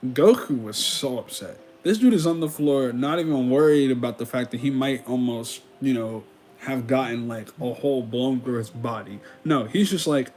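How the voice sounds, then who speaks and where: A man's voice: medium pitch, moderate pace, soft background music. Slangy man retelling anime scenes. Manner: slangy, animated retelling in paraphrased character quotes. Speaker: anime commentator. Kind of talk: casual commentary with recapped dialogue.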